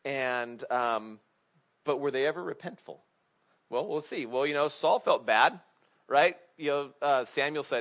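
A man's voice: mid-range voice, unhurried, fairly bright tone. A man preaching a casual sermon, asking his congregation questions and leaning on filler words. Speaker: pastor. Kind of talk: conversational sermon. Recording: dull lo-fi recording.

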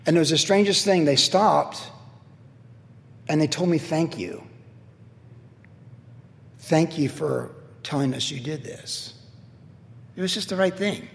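A man's voice: on the high side, a little slow, vocal fry, long pauses, long reverb tail. A middle-aged man preaching a sermon as a pastor, telling a personal story in a casual, self-deprecating way.

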